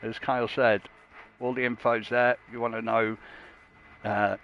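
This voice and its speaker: A man's voice: mid-range voice, level tone, unhurried, vocal fry, a little hiss or hum. Jokey man on a dull stream. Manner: jokey, crude, laughs often. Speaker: livestream race commentator. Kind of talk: casual banter commentary.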